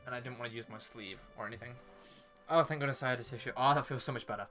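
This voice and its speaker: A young man streams a game and chats with his viewers in a loose, rambling way, with a bright, forward voice at an ordinary pitch. He sounds a little sniffly from a runny nose. Faint game music plays behind him. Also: very fast. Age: young adult. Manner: chatty, rambling, talks to chat and game character. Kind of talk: casual live-stream chat.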